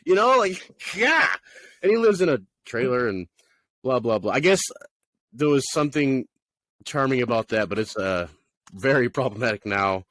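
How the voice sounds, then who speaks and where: Rambling, animated man on a podcast. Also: mid-range voice, moderate pace, dry recording. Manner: rambling, animated, laughs often, acts out quotes. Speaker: podcast co-host reviewing movies. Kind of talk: casual chat.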